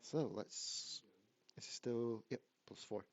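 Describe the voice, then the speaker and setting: A man's voice: medium pitch, slow, lo-fi sound. A man running a tabletop game as dungeon master, counting out dice rolls and reading rules, often laughing.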